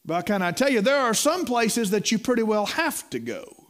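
A man's voice: high-pitched, sing-song, normal speed, fairly bright tone. Folksy preacher man. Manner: folksy storytelling preacher, repeats words, calls listeners "my friend". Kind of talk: sermon.

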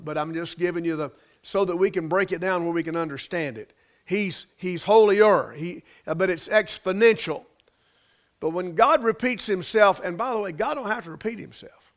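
A man's voice: high voice, moderate pace. A man preaching a sermon as pastor, building emphasis through repetition and sometimes dropping into folksy grammar.

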